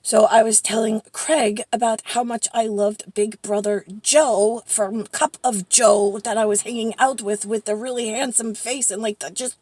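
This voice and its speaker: Woman vlogger, rambling storyteller, breathy and a bit high, dry close sound. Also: moderate pace, no room sound. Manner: chatty, full of fillers and quoted dialogue, excitable.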